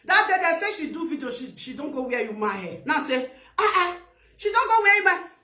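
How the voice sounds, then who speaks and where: A high-pitched Nigerian woman with an Edo accent rants loudly and laughs as she talks. Her voice is bright and sharp, mixing Pidgin with a local language. It bounces around an echoey room. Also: sing-song, a little fast. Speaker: social media vlogger. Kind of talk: animated casual rant.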